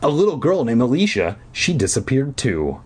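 A man reading aloud and voicing an anxious, insistent girl at summer camp, urgent and pleading, with a husky voice. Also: mid-range voice, sing-song, normal speed, darkish tone, voice pushed up.

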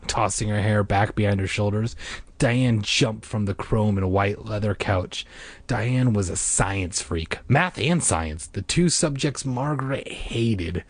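A man reading a story aloud in an expressive way, breaking in with deadpan comic asides. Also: lowish voice, slightly rough, dry recording. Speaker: narrator.

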